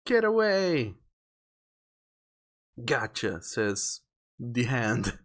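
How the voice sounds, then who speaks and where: A man streaming a game, reading its story aloud with wry, drawling asides. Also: medium pitch.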